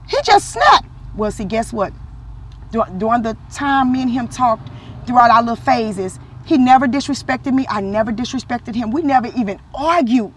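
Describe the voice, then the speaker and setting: In a high-pitched voice and at a slightly quick pace, a woman shares a personal story of faith on her vlog. She brings quoted lines to life animatedly in a lively voice as she talks about religion in a casual way.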